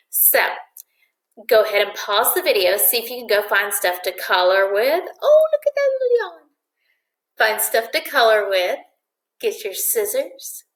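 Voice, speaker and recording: A woman teacher walks young children through a craft project in a video lesson. Her voice sits a touch high, and every instruction comes patiently and clearly. The room around her has a noticeable echo. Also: a bit bright. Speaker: first-grade teacher. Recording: echoey room.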